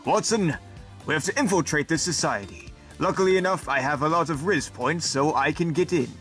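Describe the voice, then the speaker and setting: A man's voice: on the high side, expressive, a little fast, fairly bright tone, soft background music. A man voicing a bumbling, pompous male detective in an amateur comedy sketch, talking in a raised, self-assured voice. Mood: smug.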